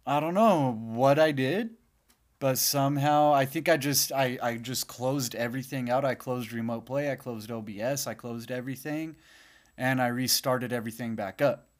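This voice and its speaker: A man's voice: mid-range voice, moderate pace. Sleepy, rambling man podcasting solo. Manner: rambling, chatty, swears freely. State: sleepy, yawning. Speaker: podcast host. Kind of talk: casual solo podcast monologue.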